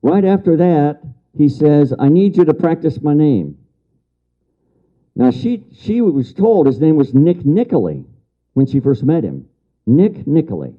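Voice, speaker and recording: A man's voice: on the high side, big pitch swings, a little slow. An older man giving a lecture as a story to an audience, repeating key phrases for emphasis and answering remarks from the room. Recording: dull lo-fi lecture recording.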